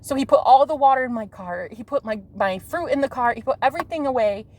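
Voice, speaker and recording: Young woman gushing thru a story for her viewers, kinda high voice, faint noise behind. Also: expressive, quick pace. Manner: gushing, breathless, swears and laughs often. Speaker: vlogger. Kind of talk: casual storytelling to camera.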